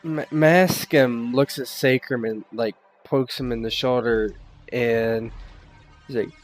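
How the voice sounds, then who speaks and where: A man playing in a tabletop game, describing his character's actions in slow third-person narration. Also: medium pitch, fairly even intonation. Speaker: player. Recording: faint background music.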